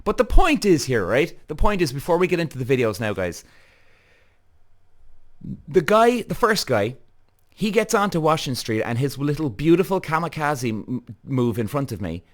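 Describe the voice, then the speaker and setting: A man's voice: on the high side, sing-song, normal speed. Fired-up Irish man ranting. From Ireland. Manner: heated, swears freely, addresses viewers directly. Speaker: podcast host. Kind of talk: animated storytelling rant.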